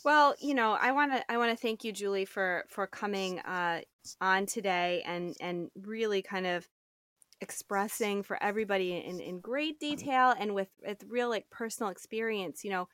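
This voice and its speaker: A woman hosting an interview who speaks haltingly, repeating words and restarting phrases as she thanks her guest. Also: medium pitch, a bit bright, clean tone, no echo, clean studio sound. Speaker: interview host. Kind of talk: casual interview talk.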